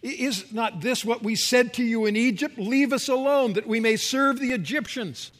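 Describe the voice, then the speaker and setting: A preacher acting out sarcastic, panicking Israelites. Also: male voice, very high-pitched, moderate pace, a bit bright, long reverb tail, pitched above the performer's own voice. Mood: accusing. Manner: bitter, mocking complaint.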